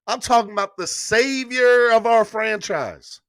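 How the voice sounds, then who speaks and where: A man hosting a morning sports podcast, talking loud and pumped up and repeating lines for emphasis. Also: very high voice, a little slow, no room sound, studio quality. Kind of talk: hyped-up morning sports show chat.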